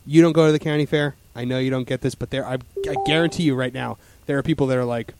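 A man's voice: mid-range voice, fairly even intonation, quick pace, hardly any pauses, noisy background. A man in casual chat as a podcast host, rambling with lots of fillers and restarts.

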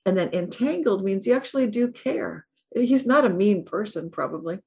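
Woman guest, author type, slightly husky, mid pitch, calm explainer. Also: normal speed. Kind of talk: casual interview chat.

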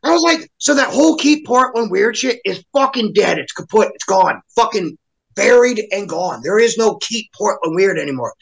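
A man's voice: high voice, expressive, moderate pace, creaky, poor audio. Heated, foul-mouthed man ranting. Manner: heated, swearing constantly, mocking voices for others. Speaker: podcast guest. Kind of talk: profane casual rant.

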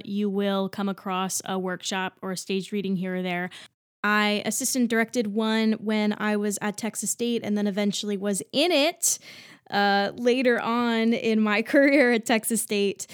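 A woman's voice: mid-range voice, smooth, dry recording. Woman, twenties, podcast host, chatty, enthusiastic, dry close sound. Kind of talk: solo podcast talk.

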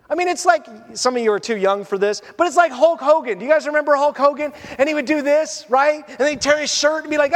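A man preaching a sermon as a pastor, animated and conversational. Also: very high-pitched, a little fast, big-room sound.

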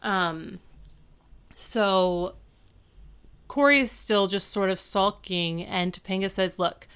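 A woman's voice: medium pitch, slow, fairly bright tone, smooth. A woman co-hosting a casual podcast, recapping a sitcom episode, laughing easily and gushing over it. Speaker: podcast co-host.

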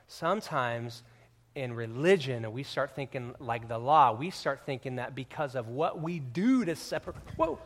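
A pastor delivering a sermon to his congregation in a conversational, joking way, swinging from quiet asides to loud, emphatic declarations. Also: mid-range voice.

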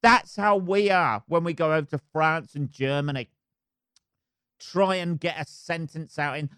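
A man's voice: a little high, a little slow, fairly bright tone, clear, resonant tone, no echo, studio quality. A man from England talking on his own podcast, rambling and swearing, mocking himself as he goes. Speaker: podcast host. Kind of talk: casual solo monologue.

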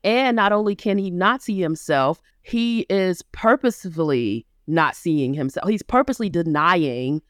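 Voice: mid-range voice, animated, measured pace, few pauses, clean tone, dry recording, clean studio sound. A podcast co-host in a casual book discussion who speaks reflectively and builds each point step by step.

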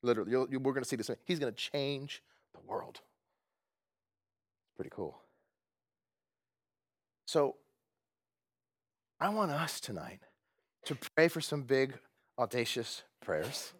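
A man preaching as a pastor, animated and jokey, laughing now and then. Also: medium pitch, unhurried, pauses often. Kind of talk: sermon. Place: church gathering.

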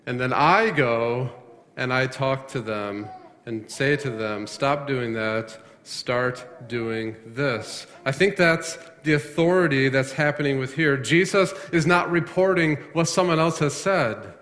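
A man's voice: mid-range voice, lively intonation, a little slow, a bit bright, in a large hall. A man preaching a sermon as a pastor, emphatic and full of rhetorical questions, often restarting his phrases.

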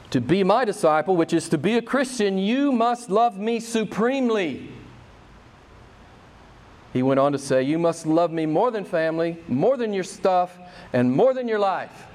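High-pitched emphatic male preacher. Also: lively intonation, a little slow, pauses often, a little mellow. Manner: emphatic, repeats key phrases for effect; mimics voices with raised pitch when quoting. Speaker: pastor. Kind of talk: sermon.

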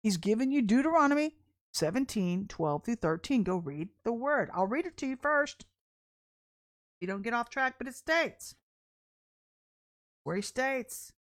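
A woman's voice: on the high side, lively intonation, a little slow, long pauses. A woman preacher giving a prophetic sermon in a blunt, confrontational and colloquial way.

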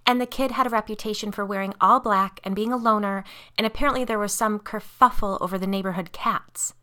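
A woman's voice: medium pitch, fairly even intonation, fairly quick, bright, forceful tone, voice pushed up, lightly acted. A woman reading a horror story aloud, voicing a frightened mother who speaks in a heated, emphatic way that keeps rising. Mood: indignant. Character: frightened, indignant mother, worn down and angry.

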